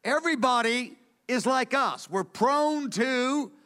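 A man's voice: very high-pitched, takes it slowly, pushed and bright. A man preaching a teaching sermon from Bible study notes, earnest and emphatic, repeating key words for stress.

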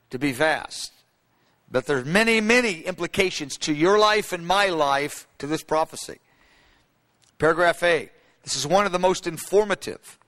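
A male preacher with a high, bright, forceful voice teaches from his notes. He speaks emphatically and builds to fervent, repeated cries. His voice rings with the long reverb of a large hall.

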